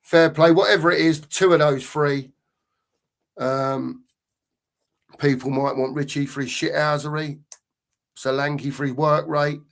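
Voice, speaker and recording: A man's voice: on the high side, fairly even intonation, a little slow, gravelly, long pauses. A middle-aged man co-hosting a football fan channel, chatting loosely on a live stream and reading out viewer comments. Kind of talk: casual live-stream chat.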